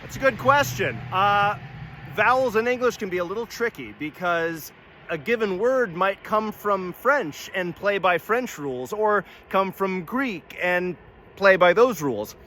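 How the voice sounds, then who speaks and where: A man's voice: high voice, expressive, measured pace, sharp tone, a little hiss or hum. Upbeat man teaching vowel sounds. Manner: upbeat, emphatic, corrective. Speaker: language teacher. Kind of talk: scripted lesson.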